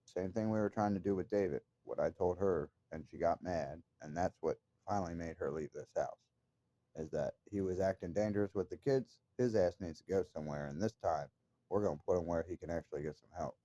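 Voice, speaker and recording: A man's voice: low voice, fairly quick, mellow, no echo. A man talking straight to his viewers in a casual monologue, telling an upsetting story in an agitated, emphatic way with frequent swearing. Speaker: vlogger.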